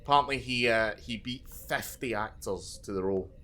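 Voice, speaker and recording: Male podcast co-host, low pitch, tense bright tone, eager and full of restarts. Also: fairly quick. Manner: enthusiastic, stammering restarts. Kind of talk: casual chat.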